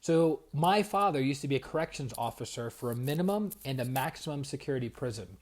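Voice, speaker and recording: A man in his forties hosting a casual evening livestream as a spiritual coach, telling stories in a rambling, lively way and greeting viewers by name. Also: medium pitch, fairly quick. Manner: animated storyteller, rambling with restarts and viewer shout-outs. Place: home at night.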